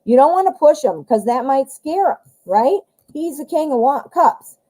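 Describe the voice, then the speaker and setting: A woman giving a live tarot reading, chatty and expressive, calling the viewer honey. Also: high voice, normal speed, rough recording. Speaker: tarot reader.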